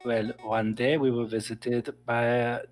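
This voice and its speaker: Guy putting on a french accent for a bitter game shopkeeper lady, wry storytelling, medium pitch. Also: flat delivery, a little slow, darkish tone, faint music behind, lightly acted. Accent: French put-on accent. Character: woman antiques shopkeeper, bitter, fallen on hard times. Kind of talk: voicing a video game character on a stream.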